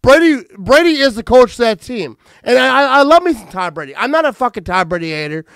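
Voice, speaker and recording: A man's voice: very high-pitched, sing-song, fast, a bit bright, clear, resonant tone, dry recording. A man co-hosting a post-game show, furious and swearing, stumbling over his words. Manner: angry, swearing, stammering. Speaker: co-host. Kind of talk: angry post-game chat. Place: dark room, light off.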